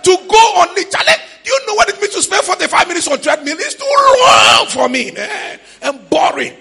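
A man with a Ghanaian accent preaching a sermon in church, shouting in a sing-song way with sudden high cries. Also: very animated, brisk. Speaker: pastor.

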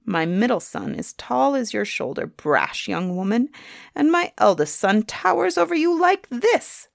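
A woman voicing a thin old hag who orders a girl about in a high, demanding voice. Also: very animated, measured pace, vocal fry, dry recording, clean studio sound, full character voice.

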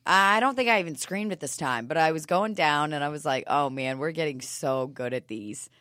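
Deep-voiced woman co-host, wry and offhand, close and dry. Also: normal speed, a bit bright, no echo. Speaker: comedy podcast co-host. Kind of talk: casual comedy banter.

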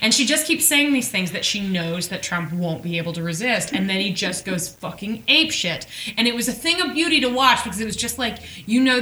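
A woman hosting a casual chat that recaps a TV episode, lively, profane and joking. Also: mid-range voice. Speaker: podcast host. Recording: echoey room.

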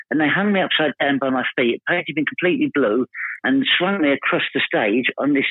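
A man from Essex with an Essex accent, telling comic anecdotes as a podcast guest, quoting people in animated voices. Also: medium pitch, breathy edge, no echo. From Essex, England. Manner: rapid storytelling, animated quoting of others. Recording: tinny phone-like dry line.

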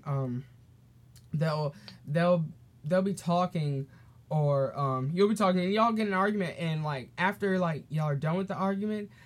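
A teenage boy talks casually on his solo podcast. His storytelling rambles, full of "um"s and restarts, and he sometimes acts out the people in his story. His tone is loose and chatty. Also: a little high. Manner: rambling and animated, with many fillers and restarts. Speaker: podcast host.

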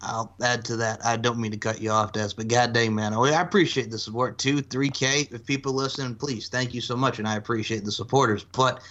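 A man's voice: mid-range voice, fairly even intonation, fairly quick, few pauses, fairly bright tone, muffled recording. A man in his twenties talking casually on a podcast, long-winded and swearing freely. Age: 20s. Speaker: podcast host.

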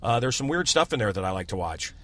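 A man's voice: fairly low pitch, very animated, quick pace, a bit bright, no echo. A man, a radio host in casual chat, ranting and sarcastic. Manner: ranting, sarcastic, mocking voices.

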